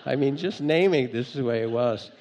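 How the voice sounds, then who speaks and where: Male meditation teacher, gentle and wry, gravelly timbre, recorded in a hall with a long reverb tail. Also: medium pitch, fairly quick, lo-fi sound. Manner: gentle storytelling with light humor. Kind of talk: dharma talk.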